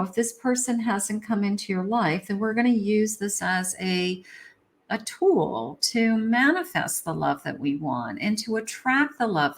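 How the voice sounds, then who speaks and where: A woman psychic giving a casual, encouraging tarot reading, with frequent ums. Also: medium pitch.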